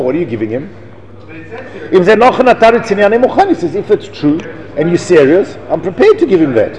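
A man gives a lively Torah lecture with a high, quick voice that leaps up and down as he acts out the dialogue. He reads lines of Hebrew and translates them for the listening group. The sound rings with long reverb in a hall. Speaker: rabbi teaching a class.

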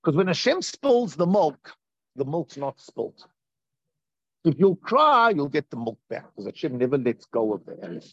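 Man, rabbi teaching a class, lively voice, husky, dull lo-fi recording. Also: mid-range voice, moderate pace, dry recording. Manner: animated, repeats phrases for emphasis. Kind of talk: Torah class on Tisha B'Av.

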